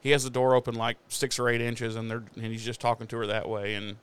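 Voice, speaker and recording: Smooth-voiced man recapping a show. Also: mid-range voice, fast talker. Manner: animated storyteller who acts out the characters' lines. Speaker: podcast host recapping an episode. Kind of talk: casual chat.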